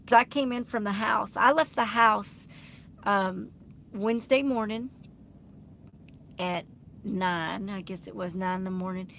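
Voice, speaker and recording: Streaming late at night from her truck, a woman with a slightly bright, mid-range voice chats and laughs with her viewers. She frequently laughs as she reads out their comments and responds, with a little hiss or hum in the background.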